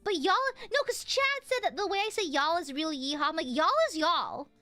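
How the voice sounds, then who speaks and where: A woman's voice: extremely high pitch, sing-song, fast talker, bright, forceful tone, no room sound, faint music behind. A young woman with a Southern US accent, chatting playfully and laughing as she streams a game. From American South. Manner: playful, laughing, teasing chat. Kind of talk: casual game stream chat.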